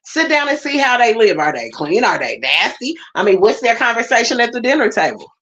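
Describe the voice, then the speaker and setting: A woman's voice: a little high, very animated, fairly quick, a bit bright. Emphatic woman preaching, lo-fi. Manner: emphatic, repeats phrases, talks directly to the congregation. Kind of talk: sermon.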